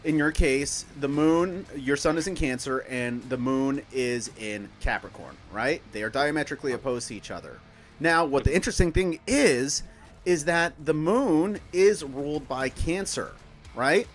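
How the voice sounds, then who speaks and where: A man's voice: a little high, animated, normal speed, faint music behind. A man casually explaining astrology on a stream, rambling with many fillers and restarts. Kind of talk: casual explanatory chat while gaming.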